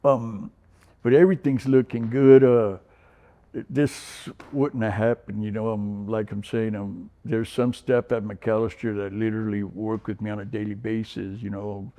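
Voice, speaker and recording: Speaking a little slowly in a fairly low, dark, level voice, this recovery program resident shares his testimonial in an interview. He's in his sixties, from San Diego, California, and rambles with frequent fillers and restarts.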